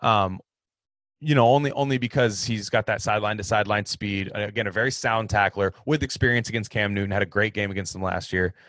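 A man with a fairly low voice talks football in a loose, opinionated ramble, often restarting his sentences as he works through a point. He sounds like a sports podcast host chatting to his listeners. The recording is close and dry, with no room echo. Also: fast, a bit bright. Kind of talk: casual sports commentary.

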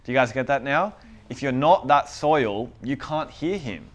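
A man preaching a sermon in a relaxed, conversational way, often repeating phrases and laughing between points, and growing louder when he urges his listeners. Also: medium pitch, moderate pace.

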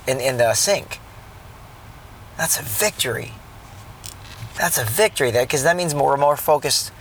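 A man's voice: medium pitch, fairly bright tone, slight background noise, rough recording. A man telling a rambling story about his day while driving, speaking earnestly and often restarting his sentences. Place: in a car.

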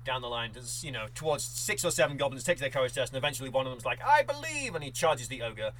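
A man co-hosting a podcast, telling a tabletop game story in a lively, animated way. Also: mid-range voice, quick pace, slight background noise, rough recording. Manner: animated storyteller, acts out dice moments. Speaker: podcast co-host. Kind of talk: casual chat recapping a tabletop game.

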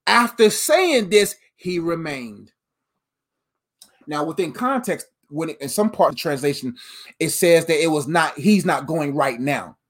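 A woman preaching a sermon in an animated, emphatic way, using slang and calling her listeners "fam.". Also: low voice, unhurried.

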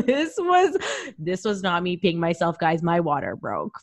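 A woman's voice: on the low side, a little slow, no room sound. Woman in her 30s rambling thru a story, lots of um and like, laughs a lot. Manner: animated, laughing, self-deprecating, lots of fillers. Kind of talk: casual storytelling chat.

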